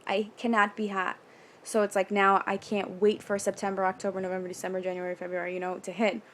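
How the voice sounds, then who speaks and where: A young woman from New York talking candidly in a casual vlog, rambling with quick nervous asides and casual swearing. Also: medium pitch, completely flat delivery, fairly bright tone. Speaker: vlogger. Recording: faint background noise.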